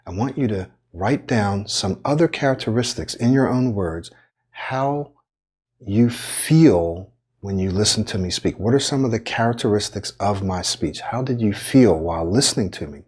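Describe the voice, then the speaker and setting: A man coaching on speech in an instructional lesson, speaking in a measured way and stretching words to stress them. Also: fairly low pitch, animated, darkish tone, slightly rough.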